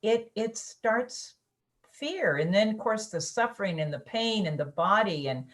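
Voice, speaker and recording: A woman's voice: medium pitch, lively intonation, unhurried. A woman co-hosting a casual spiritual chat, explaining ideas in a reflective, searching way. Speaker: co-host.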